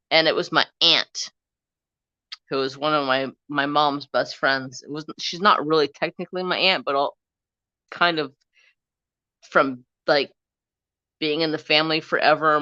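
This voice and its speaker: Bright-voiced man rambling on a live stream. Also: a little high, clean tone, no room sound, lo-fi sound. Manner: rambling storyteller who gets heated retelling a confrontation. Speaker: live-stream crafting host. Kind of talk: casual live-stream chat.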